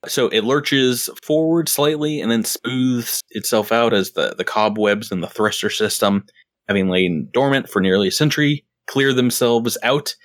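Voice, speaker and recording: Man, game master, relaxed rambling narration, mid pitch, dry close sound. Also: moderate pace, dry recording. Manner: relaxed, rambling with fillers and restarts.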